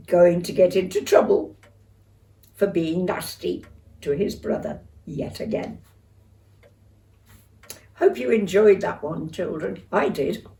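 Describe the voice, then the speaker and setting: An older woman reading a children's story aloud with lively expression, talking to young listeners. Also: fairly low pitch, gravelly, distant mic.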